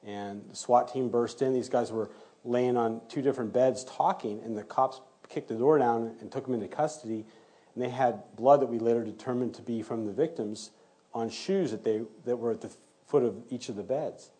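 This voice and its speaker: A man with a dark, mellow, slightly husky voice recounts events in an interview. He tells it in an animated way and acts out the back-and-forth he quotes. He talks like a working forensic DNA analyst. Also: mid-range voice, normal speed. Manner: animated retelling, acting out quoted exchanges. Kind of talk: storytelling in an interview.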